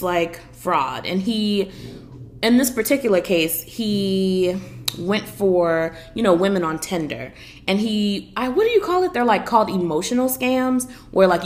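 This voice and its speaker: A woman's voice: mid-range voice, a little hiss or hum. A woman hosting a podcast, chatting casually in a sassy, blunt, profane way and telling stories with lots of energy. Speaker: podcast host. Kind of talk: casual opinion chat.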